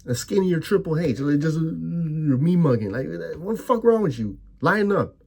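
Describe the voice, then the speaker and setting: Brief: young adult male fan-vlogger, husky, a touch high, angry profane rant. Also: expressive, normal speed, mellow. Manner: heated, profane, repetitive ranting with stammered restarts. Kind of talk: ranting fan reaction.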